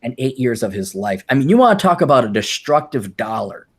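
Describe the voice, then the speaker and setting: Animated, sardonic man telling stories. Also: fairly quick, husky. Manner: animated storyteller, jumps into high mocking voices when quoting people; profane, sardonic. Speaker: podcast co-host. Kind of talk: casual chat.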